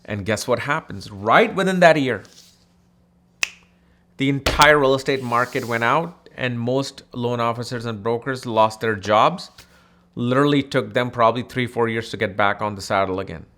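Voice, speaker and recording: Animated man teaching astrology. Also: medium pitch, normal speed. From India. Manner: animated, conversational, mimics people in anecdotes. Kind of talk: casual astrology lesson.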